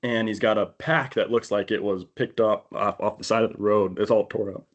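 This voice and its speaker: A man on a podcast telling a long, animated hunting-trip story in casual chat, acting out the people he quotes. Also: on the low side, moderate pace, dull audio. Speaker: podcast co-host. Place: indoor podcast studio.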